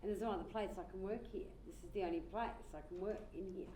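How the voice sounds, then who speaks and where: A woman's voice: mid-range voice, steady tone, quick pace, dark tone, close to an everyday voice. A woman playing a frustrated coworker in a mediation role-play, blunt and exasperated as she explains her grievance. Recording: roomy with faint crowd and noise.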